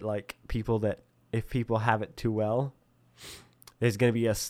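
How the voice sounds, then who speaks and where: A young man talking casually to camera in a self-deprecating, rambling way, with lots of fillers and swearing, jumping high in pitch to mock other voices. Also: no echo, clean studio sound. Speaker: vlogger.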